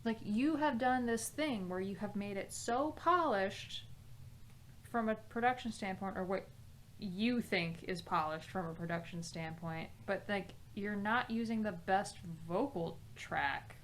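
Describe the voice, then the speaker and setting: A woman's voice: medium pitch, measured pace, slight background noise. A woman chatting casually on a music podcast, giving blunt, exasperated criticism with lots of filler "like". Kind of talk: casual music commentary chat.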